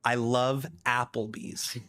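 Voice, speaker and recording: A man's voice: medium pitch, little pitch movement, slow pace, bright, forceful tone, no room sound. A man interviewing a guest in playful banter, teasing and coaxing him.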